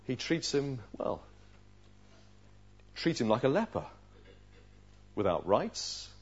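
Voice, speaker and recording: A man's voice: mid-range voice, a little mellow. A man preaching a sermon who tells the story expressively and acts out the characters' voices. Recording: dull lo-fi recording.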